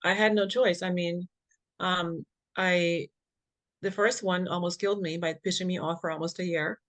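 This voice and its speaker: A woman with a somewhat low voice speaks as an interview guest and patient advocate. She tells her story frankly and with energy, acting out the people she quotes and dropping breezy slang. Her laughs come easily between points. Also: normal speed. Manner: frank, lively storyteller who acts out quoted dialogue.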